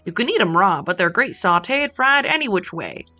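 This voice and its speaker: Woman voicing a genial male game shopkeeper, bright tone, slipping accent, dry sound. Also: medium pitch, sing-song, normal speed, no room sound. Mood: cheerful. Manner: reads game dialogue aloud with a wavering put-on accent. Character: friendly middle-aged male shopkeeper, genial.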